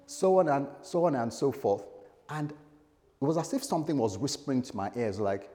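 A man's voice: medium pitch, expressive, normal speed, mellow. A middle-aged man preaching a sermon, telling a story dramatically with humorous asides to the congregation. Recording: echoey hall.

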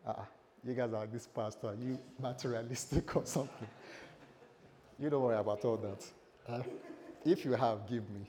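A middle-aged male pastor preaching to his congregation, telling a personal story with lively, self-mocking humor. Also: mid-range voice, moderate pace, pauses often. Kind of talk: sermon. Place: church, speaking to a congregation.

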